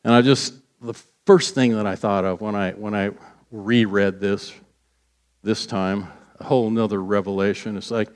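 A man's voice: lowish voice, fairly even intonation, normal speed. A man delivering a sermon in a conversational way, acting out scripture quotes. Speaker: pastor.

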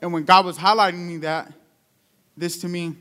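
Young male preacher, sermon delivery, conversational storyteller, voice on the high side. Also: fairly even intonation, normal speed, sharp tone. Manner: conversational storytelling with call-outs.

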